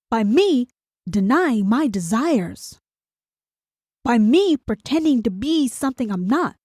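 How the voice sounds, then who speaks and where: A woman's voice: on the high side, a little mellow, no echo, clean studio sound. A woman hosting a podcast, delivering a blunt, confrontational monologue full of rhetorical questions and swearing. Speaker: podcast host. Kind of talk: profane motivational monologue.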